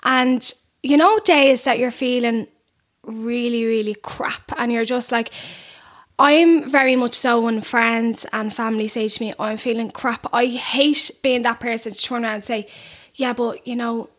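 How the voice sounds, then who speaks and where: A young Irish woman chatting casually as a podcast guest, laughing often and adding quick asides. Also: on the high side, steady tone. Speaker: podcast guest, fitness trainer. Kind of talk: casual chat.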